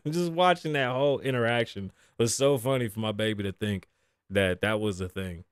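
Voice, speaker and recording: A man's voice: on the low side, moderate pace, clean tone, no echo. A man in his thirties hosting a casual solo talk show, cursing freely, joking, laughing often and dropping in Spanish phrases. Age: 30s. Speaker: podcast host.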